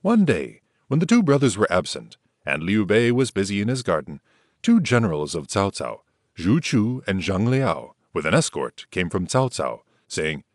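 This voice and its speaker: Low, animated male audiobook narrator. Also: normal speed, dry recording, clean studio sound. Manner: lifts pitch and volume for quoted characters. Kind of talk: scripted dramatic narration.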